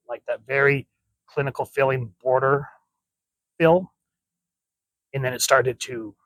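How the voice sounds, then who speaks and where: An enthusiastic young man talks through a comic book, pointing out details of the art in a casual, chatty way. His voice sits at an ordinary middle pitch, and the recording is close and dry with no room echo. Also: fairly bright tone. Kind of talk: casual comic review with dramatic reading.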